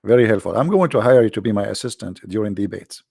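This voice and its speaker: A man's voice: lowish voice, animated, fast talker, vocal fry, a little mellow, husky, no room sound, clean studio sound. A man from the Arab world with an Arabic accent, hosting a casual commentary in a mocking, sarcastic manner. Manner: mocking, sarcastic, jumps into voices. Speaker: host.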